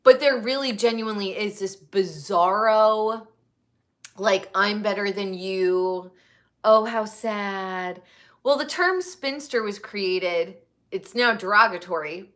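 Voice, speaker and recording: Talking to her chat viewers on a casual stream, this American woman in her thirties is candid and curses freely. She speaks in a mid-range voice with a fairly bright tone.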